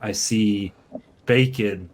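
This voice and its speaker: A man delivers earnest, measured in-character speeches at a very slow pace. His voice sits low. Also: heavy background noise. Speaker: player.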